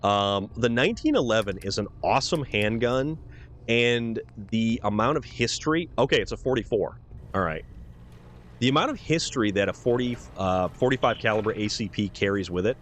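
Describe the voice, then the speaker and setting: A man's voice: lowish voice, animated, moderate pace, fairly bright tone. Male streamer, laid-back and chatty, everyday voice, live gameplay commentary. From New Hampshire. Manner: casual, chatty, says "dude" often. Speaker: game streamer.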